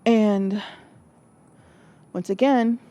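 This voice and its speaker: A woman's voice: medium pitch, fairly even intonation, drawn-out words, mellow, lo-fi sound. A woman from Alaska giving an earnest spiritual monologue, often rephrasing herself and acting out the voices of people she quotes. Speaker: spiritual speaker. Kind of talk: reflective spoken monologue.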